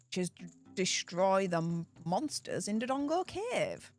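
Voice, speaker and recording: A woman with a Yorkshire accent who hosts the channel. She chats excitedly about politics while playing a video game and laughs often. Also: mid-range voice, a little slow. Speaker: channel host. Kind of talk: casual gaming commentary with political chat.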